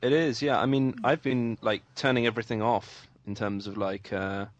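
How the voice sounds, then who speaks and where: A man chatting as a guest on a call, hesitant and filling pauses with many ums. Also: lowish voice, fairly even intonation, dry recording, highs cut off. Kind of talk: casual call chat.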